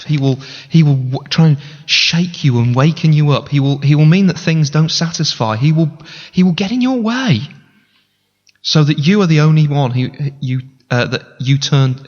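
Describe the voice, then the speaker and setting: A male pastor preaches in an earnest, conversational way, turning often to direct appeals to the congregation. His voice sits a little higher than most men's, and it carries a long reverb from a church hall. The recording sounds somewhat dull and lo-fi. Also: normal speed. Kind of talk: sermon. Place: church sanctuary.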